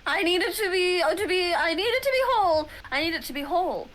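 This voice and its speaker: A woman voicing a strange, dramatic woman of the swamp in a high, drawn-out voice. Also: sing-song, slight background noise. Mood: pleading. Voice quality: high, drawn-out, theatrical delivery.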